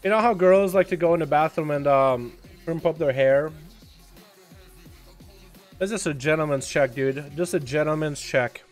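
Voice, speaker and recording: High-voiced, swearing male game streamer. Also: moderate pace, long pauses, faint music behind. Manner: profane, excitable, swings into loud outbursts. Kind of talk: casual livestream commentary.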